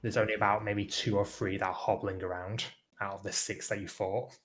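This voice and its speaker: A man narrating as game master in a tabletop game, relaxed and lightly amused. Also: on the low side, brisk, soft background music.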